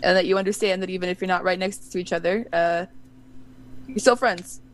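A woman's voice: lowish voice, steady tone, a little fast, low-quality recording. Playful woman player. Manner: playful and laughing. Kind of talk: casual tabletop role-play.

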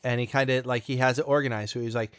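A man's voice: medium pitch, steady tone, quick pace, a bit bright, clean tone, dry recording. A man co-hosting a podcast in casual chat, rambling with many fillers and restarts. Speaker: podcast co-host.

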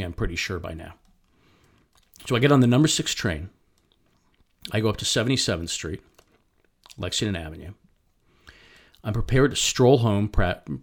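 A middle-aged man recounting a personal story in an ordinary, mid-pitched voice. He talks haltingly, restarting and repeating words as he goes, with faint music in the background.

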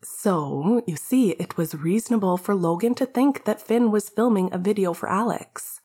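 A woman's voice: medium pitch, normal speed, warm tone, husky. A woman narrating a fan fiction story in a wry, casual way, swearing freely. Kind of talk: fan fiction audiobook reading.

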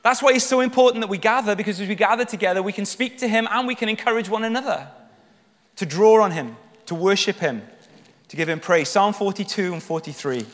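A man preaching a sermon, reading psalms aloud and speaking emphatically, lifting his voice with passion at the high points. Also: a little fast, fairly bright tone. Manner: emphatic, rising with passion when voicing the psalmist. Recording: long hall reverb.

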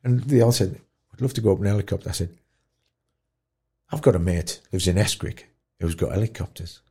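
A man telling a moving story in an interview, acting out other people's voices and dropping to a hush at tender moments. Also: low voice, fairly quick, vocal fry, husky. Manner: animated storyteller, acts out voices, drops to quiet. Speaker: guest, dementia campaigner. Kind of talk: storytelling in conversation.

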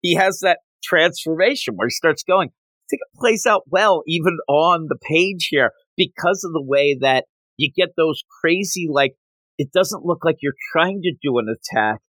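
A man co-hosting a casual podcast chat, animated and quick to act out lines from the story. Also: fairly high pitch, no echo. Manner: animated, acts out quoted characters in passing. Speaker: podcast co-host.

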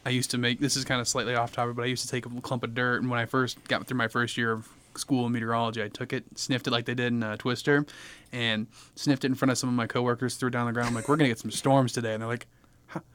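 A man's voice: mid-range voice, flat delivery, a bit bright, smooth. A man co-hosting a weather podcast, telling stories in a playful, jokey way. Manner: playful, jokey, quick bursts. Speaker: podcast co-host, meteorologist. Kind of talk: casual podcast chat.

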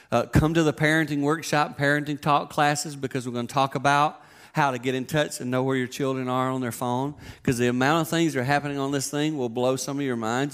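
A man in his fifties giving a sermon, a conversational, joking storyteller. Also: medium pitch. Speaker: pastor.

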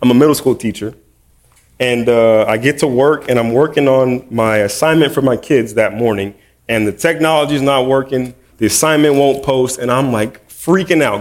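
A man preaching in a relaxed, conversational way, mid-pitched for a man. He jokes about himself and tells his stories in an animated way, talking to the congregation like friends. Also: moderate pace. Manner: humorous, self-deprecating, animated storytelling. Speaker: preacher, middle school teacher. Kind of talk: casual conversational sermon.

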